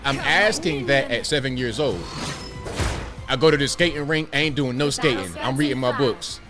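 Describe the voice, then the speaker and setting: A man's voice: mid-range voice, moderate pace. A man in his forties from Virginia, hosting a livestream, telling stories and asking rhetorical questions in a wry, repetitive way. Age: 40s. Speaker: livestream host. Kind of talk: casual chat with a stream chat. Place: home room with bookshelves. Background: game music.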